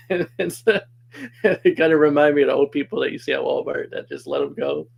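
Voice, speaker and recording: A man's voice: fairly high pitch, huge pitch swings, normal speed, gravelly, darkish tone, slightly rough, low-quality recording. A man casually telling a personal story as a podcast guest, chatty and laughing often.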